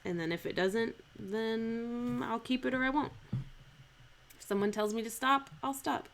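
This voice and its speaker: A woman talks through lines of old verse on a live stream, in an unhurried, chatty way. She corrects herself often and reads phrases over and over to try out where the stress falls. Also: fairly high pitch, creaky. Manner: chatty, self-correcting, repeats lines aloud to test stress. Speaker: streamer analyzing a Shakespeare speech. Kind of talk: thinking aloud while scanning verse. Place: home streaming setup.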